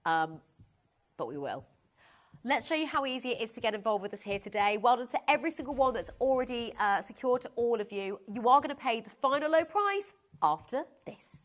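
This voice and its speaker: In a TV studio, a woman presents live on a shopping channel, chatty, giggly and easily flustered as she talks straight to viewers. Her voice is on the high side, expressive and fairly quick.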